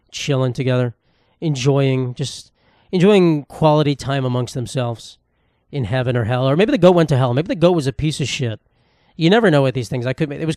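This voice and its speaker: A man's voice: fairly high pitch, a little mellow, no room sound, studio quality. A young man from New York hosting a casual solo podcast in a rambling, sarcastic, profane way. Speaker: podcast host.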